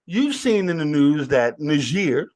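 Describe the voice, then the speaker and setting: A man with a high voice leads a casual online panel chat. His pitch swings all over as he fires off questions with a lot of hype. He keeps the talk moving. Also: unhurried. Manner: animated, hyped questioning. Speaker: host.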